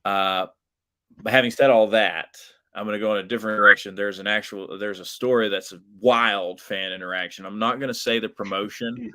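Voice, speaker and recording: A man's voice: fairly low pitch, fairly quick. A man, a professional wrestler, telling a wild story as a guest in a casual interview with lots of fillers. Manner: animated, chatty, lots of fillers.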